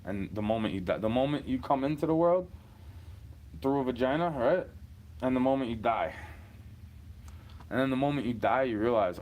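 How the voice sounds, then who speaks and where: A man's voice: mid-range voice, animated, normal speed, long pauses, a little mellow. A man in his thirties from New York City, ranting in a rambling, profane monologue and chuckling between points.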